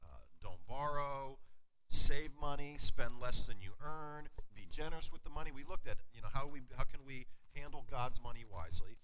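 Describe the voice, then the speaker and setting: A man's voice: mid-range voice, moderate pace, low-quality recording. A man preaching a sermon to his congregation, asking them questions and joking with them. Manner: lively, engages congregation with questions and humor. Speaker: pastor. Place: church sanctuary.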